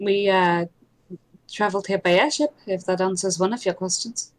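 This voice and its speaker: A woman's voice: mid-range voice, moderate pace, low-quality recording. A woman playing in a tabletop game, chatty and speaking up for her party. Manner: chatty, answers for the group. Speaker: player.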